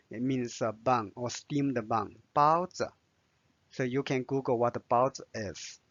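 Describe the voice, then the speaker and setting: A man teaching a language lesson, a native Chinese speaker who explains patiently, repeats each word and pauses with "uh". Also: medium pitch, fairly bright tone, no room sound, muffled recording. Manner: slow, patient, repeats words, many "uh" pauses.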